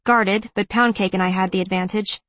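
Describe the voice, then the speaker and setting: A cool, guarded teenage girl soldier speaks in short, flat lines, as a woman reader puts her on. The audiobook sound is dry and close, with no room around the voice. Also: medium pitch, brisk, no echo, natural voice. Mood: terse.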